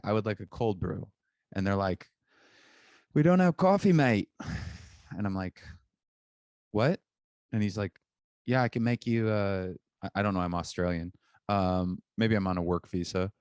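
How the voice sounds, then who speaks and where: Deep voiced guy rambling dry stories on a long distance podcast call, no room at all. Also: a little mellow, no room sound. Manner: rambling storyteller, dry understated humor. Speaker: podcast co-host. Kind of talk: casual chat. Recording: remote call audio.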